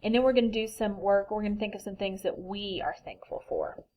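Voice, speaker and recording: A woman teacher reading a picture book to children, then giving instructions in a gentle, expressive, patient way. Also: medium pitch, fairly quick, rough recording.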